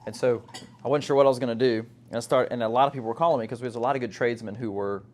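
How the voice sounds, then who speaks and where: A man's voice: mid-range voice, racing. A man from South Louisiana, telling stories in casual chat and acting out the quotes with lots of laughter. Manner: animated storyteller, acts out quotes in a raised voice, laughs often. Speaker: guest, company owner.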